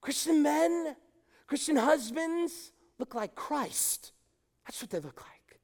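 A man's voice: very high-pitched, lively intonation, takes it slowly, darkish tone. A middle-aged male pastor preaching an emphatic, impassioned sermon to his congregation. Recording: long hall reverb.

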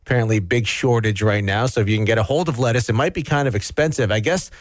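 A man's voice: mid-range voice, fast talker, music in the background. A man co-hosting a radio show, reading news items in jokey, casual banter and laughing often.

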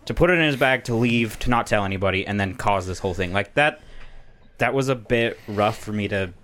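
A man's voice: fairly low pitch, brisk, a bit bright. A man chatting casually with friends about a horror movie, laid-back and peppered with swearing and "like". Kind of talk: casual chat.

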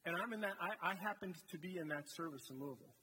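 A male guest preacher speaks to his congregation in a relaxed, storytelling manner, with asides to the people in the pews. His voice sits high for a man. The room rings with a long hall reverb, and a faint noise sits underneath. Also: fast talker. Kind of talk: sermon. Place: church sanctuary.

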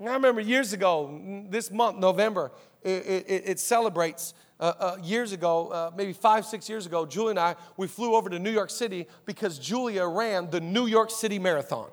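A male pastor preaching an energetic sermon, telling stories and rousing the congregation with call-outs. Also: high voice, normal speed. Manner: animated storytelling, rousing the church with call-outs. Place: church auditorium.

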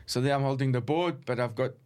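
A middle-aged former football referee, relaxed and anecdotal, telling stories in a conversational interview. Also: male voice, medium pitch, fast talker, smooth. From South Africa. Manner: relaxed, anecdotal, chuckles while recounting. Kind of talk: conversational storytelling.

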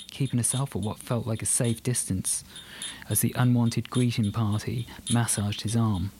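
A man narrating an audiobook in an even, measured reading. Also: lowish voice, a little hiss or hum.

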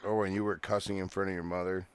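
A man's voice: low voice, flat delivery, fast, clear, resonant tone, no room sound. A man co-hosting a late-night fight podcast from home, talking bluntly and casually and swearing freely. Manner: blunt, profane, laid-back. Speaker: podcast co-host. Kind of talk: casual chat. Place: home, fan running.

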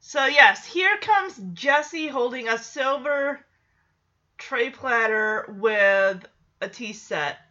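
Slow, bright-voiced woman recapping a show. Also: high-pitched, lively intonation, muffled recording. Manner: chatty, laughs often, puts on voices for quoted lines. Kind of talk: casual recap commentary.

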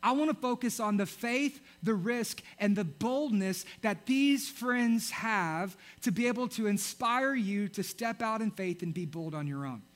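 A young man preaching a sermon, telling a story in an animated way and acting out the characters. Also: high-pitched, a little slow, hardly any pauses. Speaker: pastor.

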